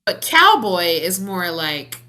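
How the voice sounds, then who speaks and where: A woman from Texas co-hosting a podcast, chatting casually in an animated, giggly way with lots of fillers and restarts. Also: fairly low pitch, slow pace. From Texas, United States. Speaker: podcast co-host. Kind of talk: casual chat.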